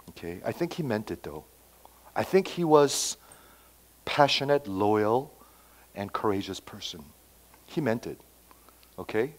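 Guy preaching a sermon, gets loud then drops real quiet, acts out the quotes. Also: on the low side, unhurried, long pauses. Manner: animated, swinging between loud emphasis and quiet asides; acts out quoted dialogue, repeats phrases. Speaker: pastor.

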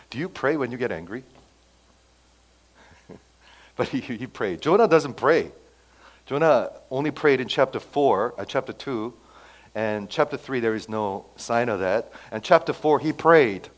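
A man preaching an expository sermon in an animated way, swinging between loud emphasis and soft asides and asking rhetorical questions. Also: medium pitch, rough recording.

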